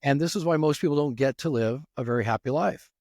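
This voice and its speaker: A man's voice: mid-range voice, quick pace, darkish tone, no echo, clean studio sound. A man hosting a podcast interview who speaks in a conversational, encouraging way. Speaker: podcast host.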